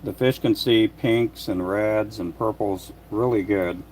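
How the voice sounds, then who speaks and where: An older man making fishing lures in his workshop, chatting casually to a livestream audience in a soft, rambling way with frequent restarts. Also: on the low side, measured pace, slight background noise. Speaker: lure maker livestreaming. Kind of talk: casual livestream chat while working.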